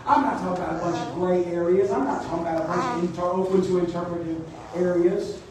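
A man's voice: high-pitched, fairly even intonation, fast, a crowd in the background. A man preaching a sermon as pastor, emphatic and exhorting his congregation. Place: church sanctuary. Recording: echoey church hall, mic at a distance.

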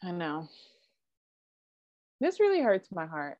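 An animated woman co-hosts a casual podcast and keeps drifting into asides. Her voice is recorded dry, with a dull, lo-fi tone. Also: mid-range voice, normal speed, no echo. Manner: animated, with frequent likes and asides. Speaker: podcast co-host. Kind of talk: casual chat.

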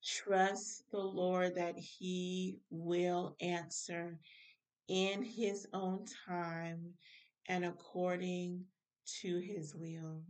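A woman's voice: fairly low pitch, level tone, very slow, darkish tone, recorded from a distance. A woman minister giving a casual Bible study talk, speaking straight to her listeners. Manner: informal, direct address to listeners.

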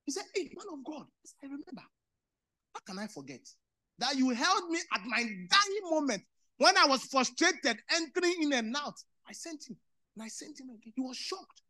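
Male Ghanaian preacher, sermon style, bright forceful tone, dramatic loud-to-quiet swings. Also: big pitch swings, normal speed. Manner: swings between loud bursts and low quiet delivery, repeats phrases. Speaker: pastor.

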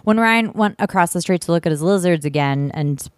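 A woman's voice: on the low side, a little fast, no echo. A woman co-hosting a casual chat, telling stories with lots of swearing and laughter. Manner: animated storytelling, swearing, frequent laughs. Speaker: podcast co-host.

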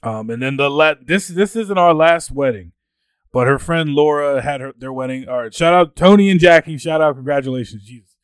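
A man's voice: on the high side, brisk, clean tone, no room sound. A young man co-hosting a podcast, chatting casually and acting out what his friends said as he tells stories. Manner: animated storyteller, acts out quoted friends. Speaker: podcast co-host. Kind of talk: casual chat.

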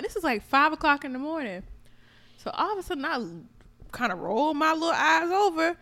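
A young adult woman in casual podcast chat, telling stories in an animated, profane way. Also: high voice, brisk, a little hiss or hum. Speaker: podcast co-host.

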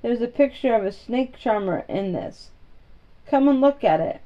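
A woman's voice: on the high side, lively intonation, moderate pace, highs cut off, natural voice. A woman doing a bossy, sickly young boy. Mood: eager. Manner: bossy, demanding questions. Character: imperious sickly young boy, bedridden and commanding.

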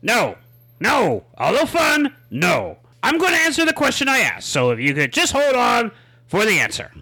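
A man voicing a loud, theatrical pirate-like host who shouts and sings. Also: very high voice, huge pitch swings, moderate pace, breathy edge, full character voice. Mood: indignant. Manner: shouting, sing-song, theatrical.

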